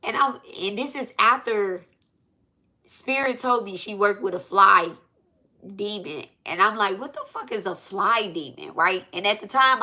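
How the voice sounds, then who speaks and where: Bright-voiced woman telling a profane story. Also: medium pitch. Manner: profane, emphatic, repeats herself. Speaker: spiritual reader and vlogger. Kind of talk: casual storytelling monologue.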